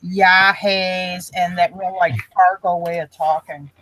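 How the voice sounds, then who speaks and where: A woman with a Wisconsin accent chimes in with quick, chatty remarks. Faint noise sits behind her voice. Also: fairly low pitch, fairly even intonation, darkish tone. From Milwaukee, Wisconsin. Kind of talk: casual chat.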